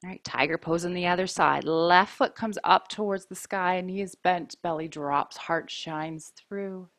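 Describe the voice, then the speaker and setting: A woman teaching a yoga class, giving calm, mindful cues about breath and poses while wearing a mic. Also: lowish voice, dry recording, studio quality. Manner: calm, slow, mindful cueing. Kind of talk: guided yoga class instruction.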